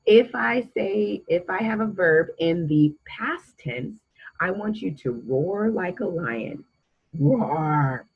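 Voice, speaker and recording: Slow, husky woman teaching children. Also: mid-range voice, lively intonation, lo-fi sound. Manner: patient, encouraging, quizzing the listener. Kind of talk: grammar lesson for children.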